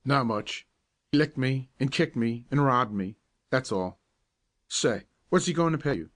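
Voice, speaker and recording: Man reading as big clumsy teen boy, low and slow, all gloom and warnings. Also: animated, a bit bright.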